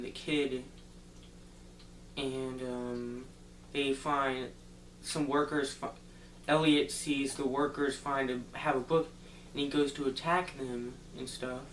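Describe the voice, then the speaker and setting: Slow, rambling man in an echoey room. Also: mid-range voice, a bit bright. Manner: rambling, loose retelling full of "like" and "um". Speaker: movie reviewer. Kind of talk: casual spoken movie recap. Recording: roomy echo, distant mic, faint hum.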